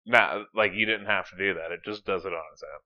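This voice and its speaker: A man's voice: deep voice, a little fast. A man co-hosting a podcast, talking casually with lots of fillers and swearing. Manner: profane, filler-heavy, energetic. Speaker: podcast co-host. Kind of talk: casual chat. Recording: dull lo-fi mic.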